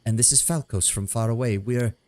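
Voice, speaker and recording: A man voicing a tearful, gentle woman dryad who pleads in a trembling voice. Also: mid-range voice, fairly quick, natural voice. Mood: pleading.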